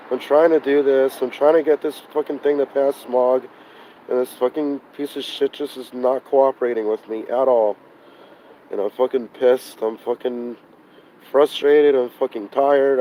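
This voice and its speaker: A sick man live-streaming from outdoors beside a car, swearing, sighing and venting his frustration, sounding hoarse and burnt out. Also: mid-range voice, mellow, slight background noise, low-quality recording. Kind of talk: live-stream vlog, talking to chat.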